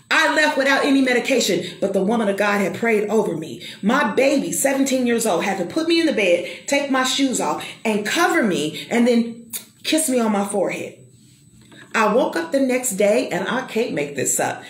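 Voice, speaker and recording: A woman's voice: mid-range voice, animated, moderate pace. Middle-aged woman telling her story like a preacher, punchy, talks right at you, roomy echo. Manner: emphatic, calls to the listener. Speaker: motivational speaker. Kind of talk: personal testimony, preacher-like.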